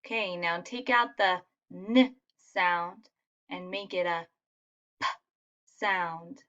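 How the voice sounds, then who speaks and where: A woman's voice: lowish voice, takes it slowly, bright, forceful tone, lo-fi sound. A woman teacher giving a recorded phonics lesson for children, patient and encouraging as she spells out sounds.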